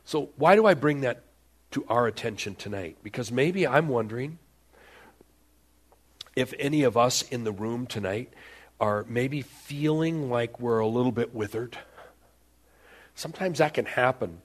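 A man's voice: medium pitch, unhurried, long pauses. A man preaching a sermon at a church service, telling the story dramatically and acting out the voices of the people in it. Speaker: pastor.

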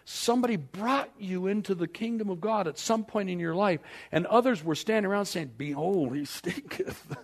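A male pastor preaching a sermon, acting out scripture scenes with animated storytelling. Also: high-pitched, fairly quick, hardly any pauses.

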